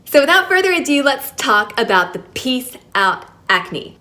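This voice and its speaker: A woman's voice: high-pitched, very animated, unhurried, sharp tone. Chatty self-deprecating woman vlogger. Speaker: beauty vlogger. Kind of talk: casual product review to camera. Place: at home filming herself. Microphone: camera mic, facing the lens.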